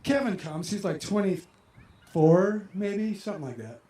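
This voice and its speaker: Older guy telling a story live on stage, kinda high voice but mellow, gets worked up, roomy sound. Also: unhurried. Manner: animated and emotional, acting out his own past reactions. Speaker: storyteller performing for an audience. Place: outdoor amphitheater.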